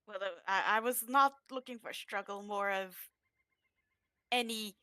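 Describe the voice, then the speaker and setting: A woman playing a tabletop game, chatty and excitable. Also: mid-range voice, measured pace, clear, resonant tone. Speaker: player.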